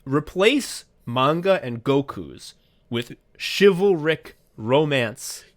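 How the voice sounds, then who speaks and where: Excitable, profane male podcast co-host. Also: a little high. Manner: excitable, profane, animated storytelling with quick voice switches. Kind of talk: casual comedic chat.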